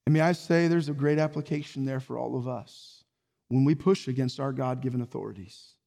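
A man preaching a sermon as pastor, calling out to the congregation and swinging between booming exhortation and low, earnest tones. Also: a little mellow. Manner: preaching with call-and-response to the congregation. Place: church sanctuary. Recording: hall reverb.

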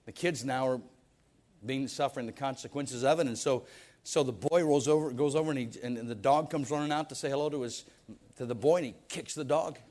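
A man's voice: mid-range voice, a little fast, a little mellow. A man preaching a sermon, firing off rhetorical questions and stumbling over repeated words as he presses his points. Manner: emphatic preaching with stammered restarts and rhetorical questions. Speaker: pastor.

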